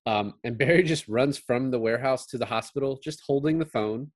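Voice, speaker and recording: A man's voice: medium pitch, fairly quick. A man casually talking through a film's scenes with a co-host, swearing and enthusiastic. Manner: swearing, excited retelling of scenes. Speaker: podcast co-host. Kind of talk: casual movie discussion.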